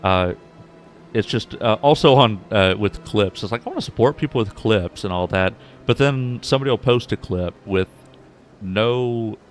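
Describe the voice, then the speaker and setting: A man with a low, relaxed voice talks to his stream viewers in a loose, rambling way. He stops and restarts his sentences often and leans on lots of fillers. Faint music plays behind him. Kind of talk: casual chat to stream viewers. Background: faint background music.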